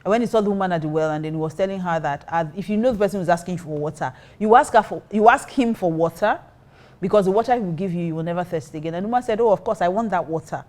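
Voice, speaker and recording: A woman's voice: fairly low pitch, racing, darkish tone. A woman pastor telling a personal story in casual talk, acting out her own reactions. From Nigeria. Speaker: pastor and co-host.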